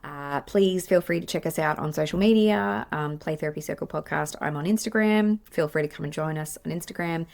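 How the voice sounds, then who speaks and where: A woman's voice: sits low, fairly quick, creaky, few pauses, a little mellow. A woman in her forties with an Australian accent, hosting her own podcast in chatty, effusive, rambling talk. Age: 40s. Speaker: podcast host, play therapist. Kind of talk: casual solo podcast chat. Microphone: podcast microphone.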